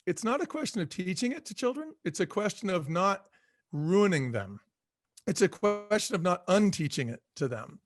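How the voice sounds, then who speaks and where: A man's voice: high-pitched, big pitch swings, moderate pace, no room sound. Earnest middle-aged man, dry close sound. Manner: earnest, reflective, repeats himself, laughs easily. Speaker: guest author. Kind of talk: conversational interview.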